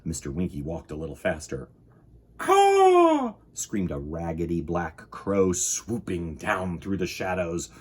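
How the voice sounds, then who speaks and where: A man reading a picture book aloud to children, animated and full of sound effects. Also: sits low, normal speed, few pauses, breathy edge. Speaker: children's storyteller.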